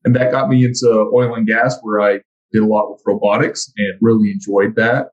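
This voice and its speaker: Low-voiced man telling his story. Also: little pitch movement, normal speed, lo-fi sound. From Texas. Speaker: guest, trade instructor. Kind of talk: conversational interview.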